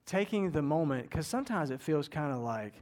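Middle-aged pastor preaching, chatty and animated, kinda high voice. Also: male voice, brisk. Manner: conversational, animated, acts out inner voices. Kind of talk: sermon.

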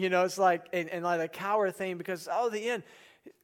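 A man preaching a sermon in an earnest way, asking the listeners questions and dropping soft and low for quoted prayers. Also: steady tone, a little fast. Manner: asks the congregation rhetorical questions. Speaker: pastor.

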